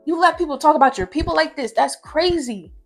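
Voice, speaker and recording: High-pitched and brisk with lively intonation, a young woman gives heated reaction commentary online. She rants brashly and with profanity from her home room, some faint music behind her.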